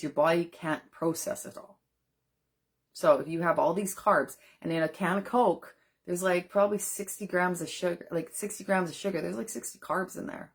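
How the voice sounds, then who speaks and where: Low husky woman on a live stream, earnest, talks right to her viewers like a nutrition coach. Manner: earnest, talks straight to viewers, answers comments. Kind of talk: casual live-stream chat.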